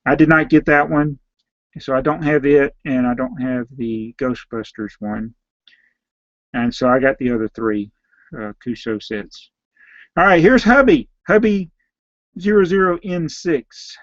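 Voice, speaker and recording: A slightly hoarse man with a Southern US drawl hosts a casual live question-and-answer stream. He reads viewer names aloud and gives loose, offhand answers, his voice sitting at an ordinary pitch. The recording is dry and a little dull, with a lo-fi edge. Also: unhurried, dry recording. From Southern United States.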